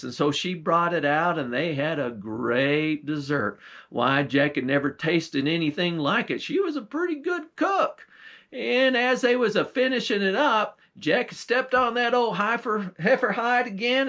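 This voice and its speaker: High-voiced storyteller man. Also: sharp tone. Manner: folksy, unhurried, old-time dialect. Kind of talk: folktale storytelling.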